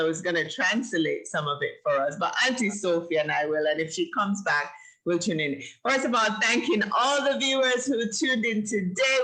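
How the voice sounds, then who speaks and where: A woman hosts a live children's show over a video call. Her voice is crisp and bright, with a medium pitch. She talks in a chatty, encouraging way. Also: poor audio. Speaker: host of a kids' show. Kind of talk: live-streamed hosting.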